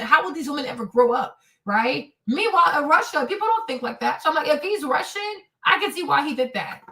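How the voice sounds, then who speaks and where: A woman's voice: high-pitched, animated, a little fast, sharp tone, distant mic. A woman hosting a live stream, giving emphatic ranting commentary and repeating points for effect. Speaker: streamer host.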